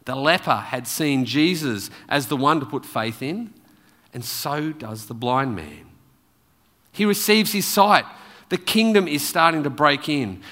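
A man preaching a sermon in a church, telling the story with lively, animated delivery. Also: a little high, long reverb tail.

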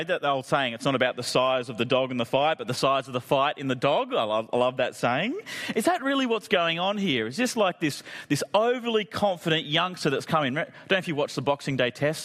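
A man's voice: a little high, a bit bright. A man preaching a sermon in a conversational way, with jokey asides. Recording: long reverb of a hall.

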